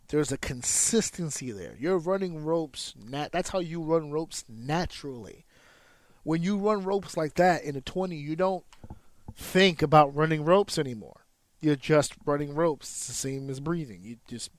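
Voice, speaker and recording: A man's voice: on the high side, expressive, unhurried, a little mellow, no room sound, studio quality. A man, a wrestler hosting a podcast, explains in a casual, profane monologue, counting out rhythms with sound effects.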